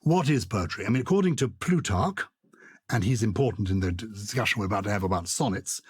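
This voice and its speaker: An older man co-hosting a podcast, explaining poetry with lively enthusiasm and reciting verse with emphatic rhythm. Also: lowish voice, fast talker, husky, no room sound, clean studio sound. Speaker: podcast co-host.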